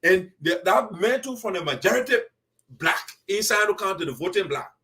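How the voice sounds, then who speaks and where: Liberian male show host, high-pitched, animated and indignant, chatty commentary. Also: normal speed. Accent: Liberian English. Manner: animated, laughing, indignant asides. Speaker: host of diaspora community show. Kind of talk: casual commentary.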